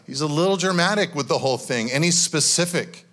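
A man pastor giving a sermon in a church, talking in a loose, conversational way with lots of fillers and animated bursts. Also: fairly high pitch, normal speed.

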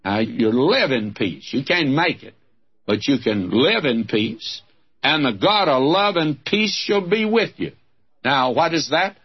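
A man's voice: mid-range voice, very animated, unhurried, slightly rough, highs cut off. A man with a Southern American accent preaching a radio Bible sermon, fervent and exclamatory, calling his listeners friends.

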